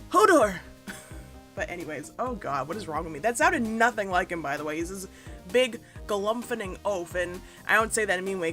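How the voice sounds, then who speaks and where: A young woman chatting casually over a game speed build, rambling and self-deprecating, with sudden playful asides. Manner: rambling, self-deprecating, bursts into squeaky silly voices. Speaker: gaming YouTuber. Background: soft background music.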